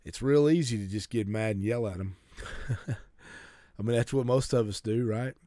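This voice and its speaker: In a studio-quality recording without room sound, a man with a lowish, mellow voice preaches at a moderate pace. He urges the congregation earnestly, often tripping over his words and restarting sentences.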